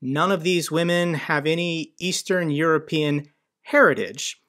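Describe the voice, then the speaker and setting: A man's voice: fairly high pitch, unhurried, bright, forceful tone. A man from the United States hosting an online news commentary, talking with sardonic, mocking asides. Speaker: commentary channel host.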